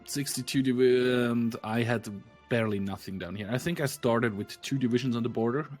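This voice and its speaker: Mid-pitched man for a joking let's play co-host, faint music behind. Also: a little fast, a little mellow. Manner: laughs often, joking and chatty. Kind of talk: casual gameplay commentary.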